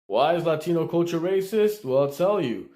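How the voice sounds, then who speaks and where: Emphatic monologue, man from El Salvador, slightly high voice in an echoey room. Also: animated, moderate pace, warm tone. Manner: heated, emphatic, repeats points. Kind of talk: social commentary monologue.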